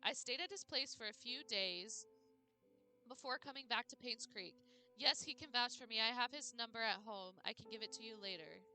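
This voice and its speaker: A woman's voice: a little high, normal speed, sharp tone, soft background music. A woman voicing a polite male chauffeur in a mystery game, reading his alibi in her own plain voice. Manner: plain read-aloud of game text.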